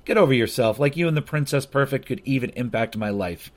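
A man's voice: medium pitch, expressive, fast talker, natural voice. A man voicing a teenage boy bully, brash, sneering, offhand. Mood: dismissive.

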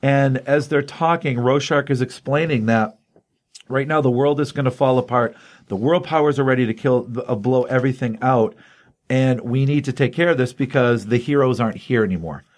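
Comic podcast host, man, mid-pitched, chatty and excited recapping. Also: normal speed. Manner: excitable storyteller, loose and rambling with fillers. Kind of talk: casual chat retelling a comic.

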